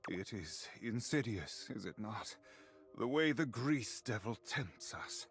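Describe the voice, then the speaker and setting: A pious video game friar who takes confessions with sanctimonious, drawn-out formality. His pitch swoops and lilts with a lively range, and he sounds quietly delighted by the sins he condemns. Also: exaggerated voice. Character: pious, smug male friar hearing confessions, secretly relishing sin.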